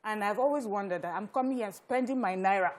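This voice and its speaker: A woman with a Nigerian accent speaking as a studio panel guest, animated and telling personal stories with quoted lines. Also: mid-range voice, quick pace. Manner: animated, tells personal anecdotes with quoted dialogue.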